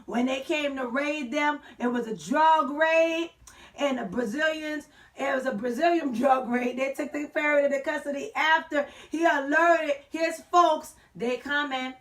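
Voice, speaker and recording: A woman hosts a casual online talk show, riffing in playful slang with sassy asides. Her voice sits high and bright. She sounds a touch distant from the microphone. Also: a little slow. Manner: sassy, playful slang, sings and shouts for effect.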